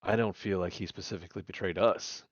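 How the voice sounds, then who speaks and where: Male player, very low voice, calm and measured, dull lo-fi recording. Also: no room sound. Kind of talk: playing a tabletop role-playing game. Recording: dull lo-fi mic.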